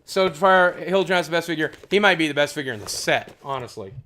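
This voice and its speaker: A man's voice: fairly high pitch, lively intonation, brisk, sharp tone, slight background noise. A man chatting casually and profanely with his stream chat while unboxing, cracking jokes. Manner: crude, profane, jokey.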